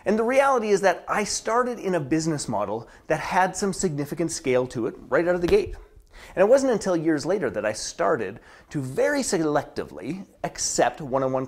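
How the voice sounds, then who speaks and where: A business strategist giving a scripted promotional address, with dramatic delivery that drops into whispers for emphasis. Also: medium pitch. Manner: acts out contrasting inner and outer voices.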